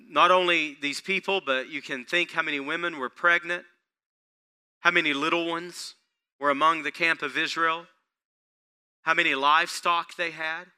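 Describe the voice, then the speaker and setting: A male pastor preaching a sermon, throwing rhetorical questions at the congregation and building excitement. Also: sits high, clear, resonant tone.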